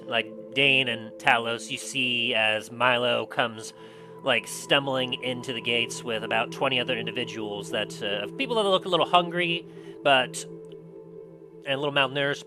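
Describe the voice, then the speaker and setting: A man's voice: medium pitch, rough recording. A man narrating a tabletop game as game master, rambling with lots of restarts and filler words.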